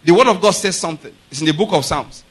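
A man's voice: high-pitched, expressive, quick pace, slightly rough. A middle-aged male pastor preaching a sermon, emphatic and often checking with his congregation through rhetorical questions.

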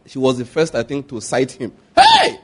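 A man preaching a sermon as pastor, telling animated stories and quizzing the congregation with call-and-response questions. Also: mid-range voice, fairly quick, slightly rough.

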